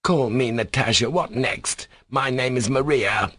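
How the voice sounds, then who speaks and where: A man's voice: medium pitch, lively intonation, moderate pace, a bit bright, breathy edge, no echo, studio quality. A man voicing an indignant middle-aged market woman who scolds and bawls at a boy in an audiobook reading. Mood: scolding. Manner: scolding, bawling.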